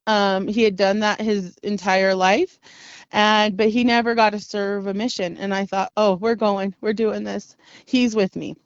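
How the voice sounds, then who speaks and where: A woman in her thirties, from the Navajo Nation, telling personal stories in an interview with an earnest, halting manner. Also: medium pitch, flat delivery, no room sound, muffled recording. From Navajo Nation, US Southwest. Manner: earnest, halting, with frequent restarts and laughs. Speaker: interview guest. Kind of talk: reflective personal storytelling.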